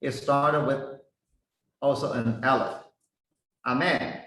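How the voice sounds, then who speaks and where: A man teaching a Bible lesson, slowly spelling out Hebrew words and their meanings one by one. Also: fairly high pitch, lively intonation, a bit bright. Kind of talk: slow explanatory lesson. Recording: echoey room, voice heard from a distance.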